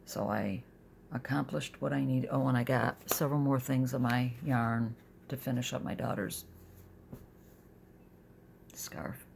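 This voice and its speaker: Gravelly middle-aged woman venting. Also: very deep voice, fairly even intonation, measured pace, long pauses, a little mellow, slight background noise. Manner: rambling, confessional, drops to near-whispers. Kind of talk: casual personal vlog, venting. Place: sitting in bed at home.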